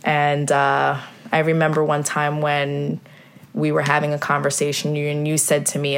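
A mother hosts a heartfelt podcast with her son in a low, gravelly voice. She speaks earnestly, leaning on her faith and plenty of fillers along the way. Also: monotone, normal speed.

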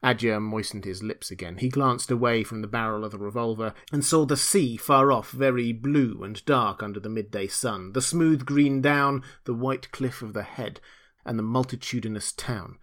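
Reading a classic novel aloud for an audiobook, a man uses a mid-range voice with a fairly bright tone, telling the story in a measured, dramatic fashion.

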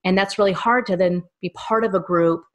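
A woman's voice: mid-range voice, brisk. A woman in her thirties, a guest in a casual interview, telling long, rambling personal stories. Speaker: small business owner and guest.

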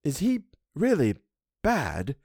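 A simple, soft-hearted old housekeeper, put on by a male reader, her voice lifted high and quavering with feeling. She drags out her words when she is upset. The sound is close and dry, with no room around it. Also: wildly swooping pitch, creaky, breathy edge, dry recording, exaggerated voice. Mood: tearful. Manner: high, soft, emotional voice, often slowed. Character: older female housekeeper, simple, tender-hearted, tearful. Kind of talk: audiobook reading of a classic story.

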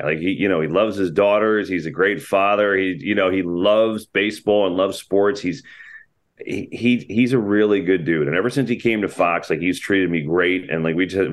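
A man with a very low, deep voice talks about athletes he works with. His speech is loose and rambling, full of restarts, fillers and slang, in an easygoing podcast chat. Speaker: sports broadcaster guest.

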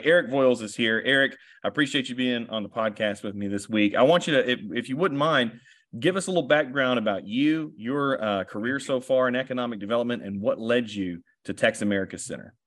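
A man's voice: mid-range voice, fairly bright tone. A man hosting an interview podcast, chatty and rambling, with many fillers and restarts. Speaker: podcast host.

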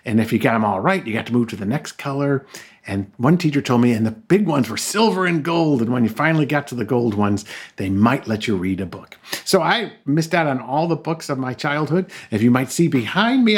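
A man's voice: a little high, lively intonation, fairly quick, breathy edge. Jokey middle-aged man telling stories. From Buffalo, New York, raised in Tennessee. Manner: jokey storyteller, puts on voices in anecdotes. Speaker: author guest. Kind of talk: interview chat.

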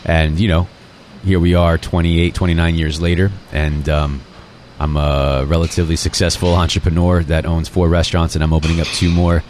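A man in his forties with a strikingly low, deep voice talks through his story as a restaurant owner. He is relaxed and reflective, full of fillers and restarts. A faint noise sits behind him. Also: normal speed, hardly any pauses. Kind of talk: casual interview conversation.

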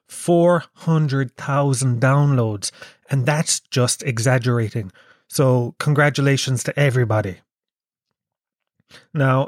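A man's voice: medium pitch, no room sound, clean studio sound. A young Irish man from Kerry hosting his podcast while sick with a cold, rambling and swearing in a self-mocking way. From Ireland. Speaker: podcast host. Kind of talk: casual comedic monologue.

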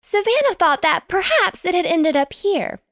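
A woman voicing a polite, curious little girl in a bedtime story, with a high, eager voice. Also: big pitch swings, normal speed, a bit bright, no room sound, studio quality, heavily acted.

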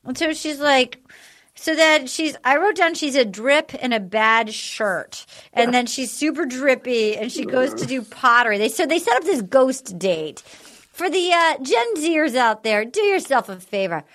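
A woman hosting a casual recap chat, talking frankly and bluntly with a joking, animated delivery. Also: sits high, a little slow. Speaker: podcast host.

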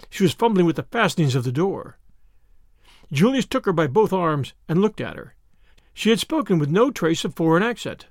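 A man narrating a novel in an expressive, animated reading. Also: on the high side, moderate pace, creaky, no room sound, clean studio sound. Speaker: audiobook narrator. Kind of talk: scripted narration.

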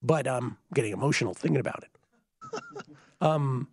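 A man co-hosting a casual sports chat, voice hoarse and giving out, talking in a conversational way and explaining background. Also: medium pitch, lively intonation, moderate pace, no echo, clean studio sound. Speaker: podcast co-host.

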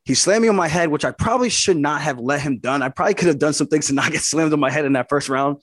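A man's voice: a little high, quick pace, no room sound, clean studio sound. A man, a fighter being interviewed, telling his fight story in casual talk. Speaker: fighter guest.

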